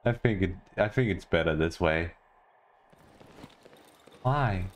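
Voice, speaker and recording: A man from Denmark giving goofy, casual commentary on a game he is playing, talking to the characters and jumping into high squeals. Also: lively intonation, slow. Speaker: gaming streamer.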